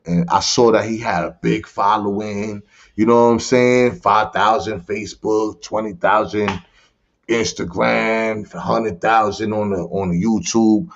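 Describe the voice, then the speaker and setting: A man from the Bronx, New York, appears as a podcast guest telling his life story, a personal testimony given in casual conversation. His fairly low voice is unhurried and fairly even, with vocal fry, and he uses streetwise slang, often asking "you heard?" The recording is dull and lo-fi.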